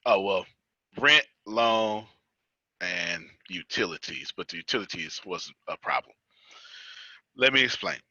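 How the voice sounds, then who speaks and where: A man's voice: low voice, lively intonation, a little slow, long pauses, sharp tone, dry recording, lo-fi sound. An American man hosting a business coaching call, chatting casually, teasing his group, laughing often and repeating himself for emphasis. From United States. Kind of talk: casual teaching chat.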